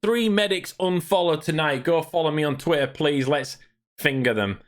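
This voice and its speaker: At a moderate pace and a slightly high pitch, a streamer vents to his chat in an angry, swearing gaming rant. He comes across as irritated and profane.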